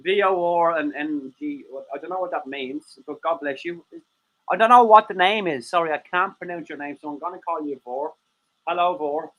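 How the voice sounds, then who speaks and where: Bright, jokey swearing male co-host. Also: a little high, moderate pace, muffled recording. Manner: rambling, swears freely, jokey, talks to chat viewers. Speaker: co-host of a livestream show. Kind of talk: casual chat.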